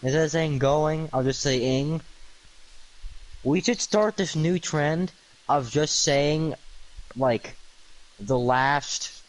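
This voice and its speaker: A man's voice: fairly high pitch, slow pace, pauses often, low-quality recording. A tired man streaming late at night, rambling through goofy wordplay with lots of ums and uhs. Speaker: livestreamer.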